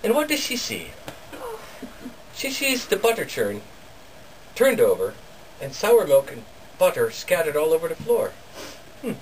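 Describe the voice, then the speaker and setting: A man telling a folktale live at a bookstore, animated and chuckling, with sound effects. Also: a little high, a little slow, pauses often. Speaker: storyteller. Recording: distant camera, noisy bookstore.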